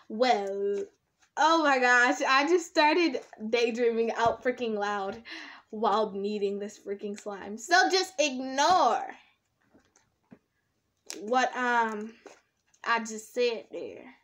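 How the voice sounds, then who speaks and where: A woman's voice: a little high, takes it slowly, fairly bright tone. A young woman chatting casually to her camera in a rambling, self-talking vlog, drawing out her words. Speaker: slime vlogger. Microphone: camera set up nearby.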